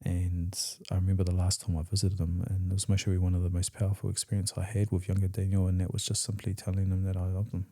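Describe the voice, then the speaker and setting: Dark-voiced New Zealand man telling his story. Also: low voice, monotone, quick pace, few pauses. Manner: raw and emotional, swears freely, re-enacts conversations. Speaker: podcast guest. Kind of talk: candid personal storytelling.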